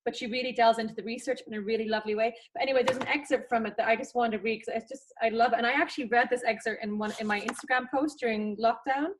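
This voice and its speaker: A woman's voice: on the high side, fairly even intonation, rapid-fire, hardly any pauses, slight background noise. A woman talking about her work as a forest therapy practitioner in an enthusiastic, chatty way, with frequent restarts, as a guest on a remote call. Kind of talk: casual conversational interview.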